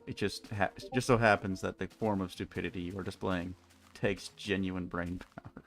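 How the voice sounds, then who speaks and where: A man's voice: low-pitched, fairly even intonation, fairly quick, gravelly, a bit bright. A young man rambling wryly through casual live-stream chat while playing a game, with many restarts. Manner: rambling, wry, frequent restarts. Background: faint music.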